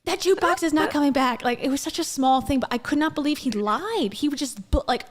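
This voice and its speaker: A woman's voice: high-pitched, quick pace, long reverb tail. A woman co-hosting a casual commentary podcast, telling stories animatedly, swearing and laughing often. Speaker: podcast co-host and video creator.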